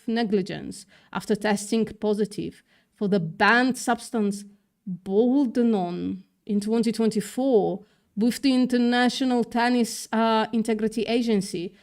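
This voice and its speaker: A woman with a slightly high, unhurried, and a little mellow voice hosts a livestream where she reads news aloud. She stumbles over words, throws in sarcastic, profane asides, and has a mixed accent that's partly British-tinged.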